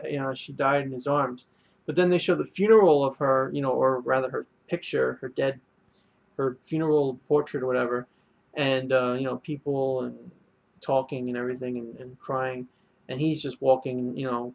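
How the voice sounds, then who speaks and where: A man talks through an anime episode in a loose, rambling review. His voice has a gravelly, creaky texture at a middling pitch. He fills his sentences with "you know" and restarts. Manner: rambling, heavy on fillers and restarts. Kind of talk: casual spoken review.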